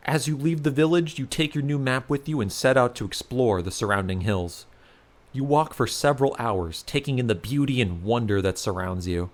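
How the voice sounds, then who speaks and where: Man narrating an expressive fantasy story. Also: medium pitch, normal speed. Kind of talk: second-person storytelling narration.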